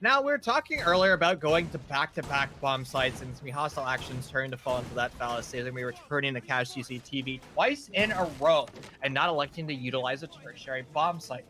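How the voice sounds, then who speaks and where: A young man casting a live esports match, giving energetic play-by-play and joking with his co-caster. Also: medium pitch, quick pace, few pauses, slight background noise.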